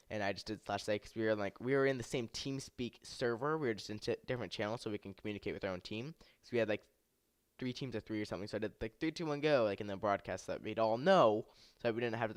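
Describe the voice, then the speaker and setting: A young man telling a long gaming story in a casual vlog, rambling and saying "like" a lot, his pitch climbing when he replays his own anger. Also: clean tone, no room sound, clean studio sound. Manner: rambling, heavy use of "like" and "I was like". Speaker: YouTuber and game server moderator.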